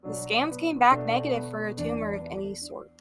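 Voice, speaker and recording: A woman reading the lines of a gentle, worried mother of a sick teenager, speaking softly and soothingly over background music. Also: fairly high pitch, fairly quick, close to an everyday voice. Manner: soft, soothing.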